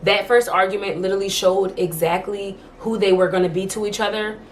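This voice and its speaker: A woman's voice: medium pitch, fairly even intonation, brisk, slight background noise. A young woman vlogging from home, chatting casually to camera and telling stories, full of "like" fillers. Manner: chatty storytelling, many "like" fillers.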